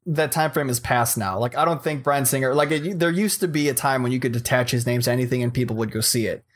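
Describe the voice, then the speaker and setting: A man co-hosting a casual film discussion who weighs his opinions in a measured way. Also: mid-range voice.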